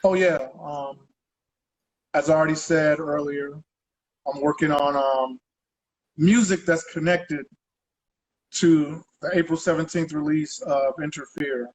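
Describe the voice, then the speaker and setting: A man's voice: fairly high pitch, steady tone, unhurried, long pauses, low-quality recording. A man being interviewed as a guest artist, talking in a loose, rambling way and tagging his sentences with conversational asides. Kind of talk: casual interview chat.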